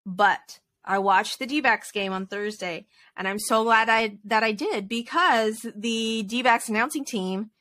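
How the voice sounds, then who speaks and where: A woman's voice: a little high, unhurried, hardly any pauses, pushed and bright. A woman co-hosting a podcast, chatting casually about baseball with laughs and rambling restarts. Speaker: podcast co-host. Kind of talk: casual sports chat.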